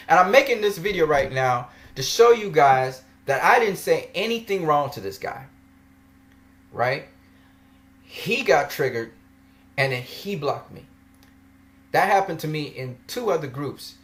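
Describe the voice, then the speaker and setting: A man's voice: fairly high pitch, expressive, moderate pace, a bit bright. A man vlogging a ranting commentary, argumentative and mocking, laughing often as he makes his case.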